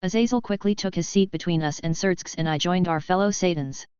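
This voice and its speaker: A woman's voice: on the low side, a little fast, darkish tone, clean tone, no room sound. A woman narrating a novel in the first person, with a casual, snarky manner. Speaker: audiobook narrator. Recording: dull lo-fi audio.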